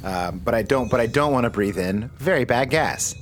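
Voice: medium pitch, lively intonation, normal speed, faint music behind. A tabletop player who rambles and stammers while describing actions. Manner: rambling, stammering, laughs often. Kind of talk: playing a tabletop game.

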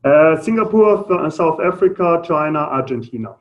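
A man with a German accent lectures an audience, pausing often with ums and uhs. His voice sits a little high. The sound is muffled and lo-fi. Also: animated. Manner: hesitant, many fillers. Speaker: lecturer on carbon pricing.

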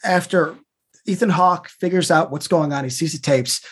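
A co-host in casual chat, talking in an animated way with stammering restarts. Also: mid-range voice, moderate pace, husky.

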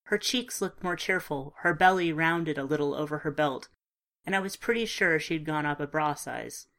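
A woman narrating a first-person story in a calm, measured, understated way. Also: low voice. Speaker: audiobook narrator.

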